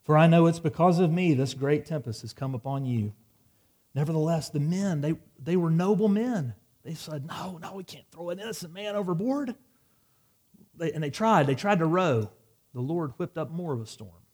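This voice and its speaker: A man's voice: on the high side, normal speed, a little mellow. A man preaching a sermon, reading scripture dramatically and dropping wry asides. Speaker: pastor.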